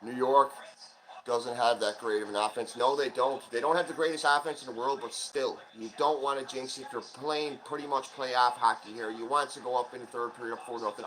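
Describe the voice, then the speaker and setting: A man hosting a casual live watch-along of a hockey game, calling the plays in quick excited bursts and chatting like a rooting fan. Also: mid-range voice, low-quality recording. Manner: chatty asides, admits small slips. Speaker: channel host, fan commentator.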